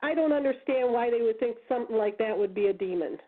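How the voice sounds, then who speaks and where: High-voiced woman telling stories over a phone line. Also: fast talker. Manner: animated storyteller, acts out quoted voices. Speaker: guest. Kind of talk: casual storytelling on a call-in radio show.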